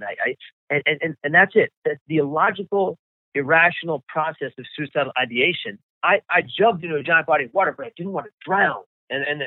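This man's voice sits fairly high as he recounts his own survival story for an interviewer, stumbling and repeating himself often. It sounds thin, like it's coming through a phone. Everything is close and dry, with no room around it.

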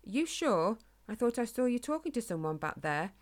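A woman's voice: a little high, sing-song, moderate pace, pitched above the performer's own voice. A woman voicing a kind, reassuring friend who coaches a young runner. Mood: concerned. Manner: warm, reassuring, mentor-like. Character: kind, encouraging older running friend.

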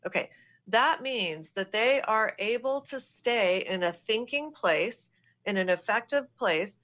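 A woman's voice: mid-range voice, expressive, a bit bright. A woman executive consultant answering questions in a business podcast interview, explaining in an affirming way. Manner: affirming, explanatory, quick repeated yeses.

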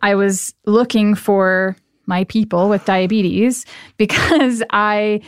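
A young woman answers interview questions with earnest, upbeat explanations, her voice smooth and resonant at a mid pitch. The recording is close and dry. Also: fairly even intonation, slow, no room sound. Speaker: guest, charity founder. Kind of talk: interview conversation.

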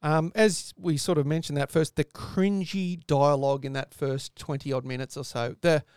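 A man co-hosting a film podcast in casual chat, animated and quick to chime in with agreement. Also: fairly high pitch, clean tone, no echo, clean studio sound.

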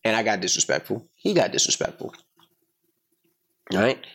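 A middle-aged man hosting a casual podcast chat, telling a story in an emphatic, profane, animated way. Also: on the low side, normal speed. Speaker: podcast host.

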